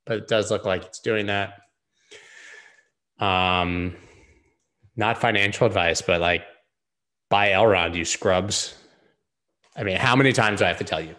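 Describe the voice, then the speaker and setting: Deep-voiced man rambling over charts. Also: pushed and bright. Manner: joking, rambling, quick asides. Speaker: host of a live charting stream. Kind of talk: casual live-stream chart analysis.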